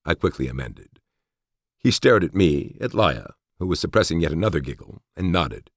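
Brief: husky, gravelly male narrator, expressive, wry, first-person audiobook read. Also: extremely low pitch, moderate pace, dry recording. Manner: dry, wry storytelling.

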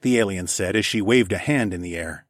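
Low-voiced male audiobook narrator. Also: fairly quick, no room sound, clean studio sound. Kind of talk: first-person audiobook narration.

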